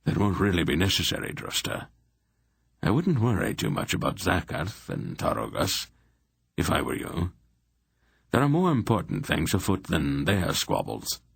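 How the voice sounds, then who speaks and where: A man voicing a calm, wry old male sorcerer in an audiobook, speaking in an unhurried way. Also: deep voice, vocal fry, breathy edge, no echo, studio quality, full character voice.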